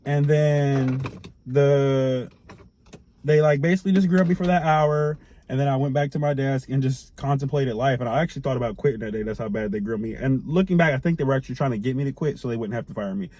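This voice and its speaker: A young man telling a storytime to camera in a casual, profane way, jumping between loud outbursts and quiet asides. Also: mid-range voice, quick pace.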